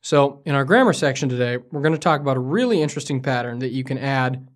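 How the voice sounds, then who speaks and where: In a studio in Beijing, a man co-hosting a language lesson podcast takes the role of a curious learner wanting examples. He talks fast at a medium pitch.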